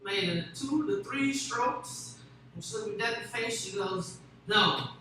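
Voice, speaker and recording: A man's voice: very high voice, a little slow, a bit bright. A young man telling a long, crude, rambling story as a stand-up comedian. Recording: echoey room with faint noise.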